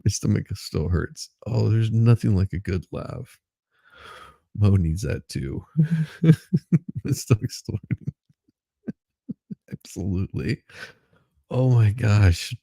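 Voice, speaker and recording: A man with a gravelly, husky voice hosts a casual morning livestream. He talks slowly, greets chat viewers by name, and laughs often as he goes. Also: on the low side, lively intonation, mellow, dry recording. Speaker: livestream host.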